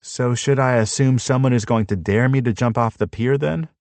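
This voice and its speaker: A man voicing a curious, shy young woman who asks questions with gentle sarcasm. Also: mid-range voice, steady tone, normal speed, no room sound, pitched above the performer's own voice, lightly acted.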